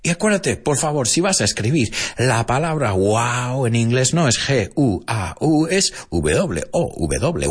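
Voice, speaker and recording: A man's voice: medium pitch, normal speed, few pauses, slightly rough. A man, chatting as he teaches English through a film scene and slips into Spanish to explain words. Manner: switches between English and Spanish, animated and chatty.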